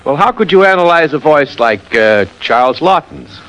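A man's voice: on the high side, animated, moderate pace, a bit bright, low-quality recording. A man hosting a 1940s radio interview, reading scripted lines and trading wisecracks with his guest. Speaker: radio host.

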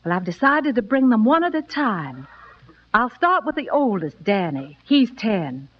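A resolute, resourceful frontier mother speaks with clear, earnest diction and a high, bright-edged voice. It comes through a dull, muffled old radio broadcast with a faint music bed. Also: sing-song, unhurried. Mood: determined. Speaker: pioneer mother and narrator. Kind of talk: 1940s radio drama acting.

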